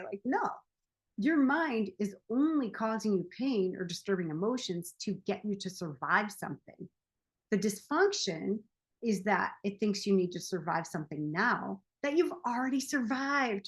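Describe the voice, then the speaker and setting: A woman's voice: medium pitch, lively intonation, measured pace. A woman in her forties, a self-help coach, talking casually and laughing often as she tells a personal story. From United States. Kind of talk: casual monologue.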